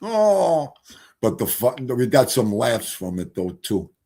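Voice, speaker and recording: Middle-aged male streamer, lively storyteller, husky voice, swings between shouts and mutters. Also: mid-range voice, slow. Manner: animated, swings from loud exclamations to quiet mutters. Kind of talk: casual storytelling livestream.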